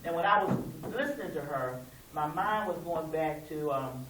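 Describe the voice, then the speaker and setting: Her voice low-pitched and her intonation lively, a middle-aged woman heading a local civil rights chapter tells conversational, folksy stories at a moderate pace during a community meeting, acting out the lines she quotes. The mic sits far from her in an echoey space, with a faint hiss.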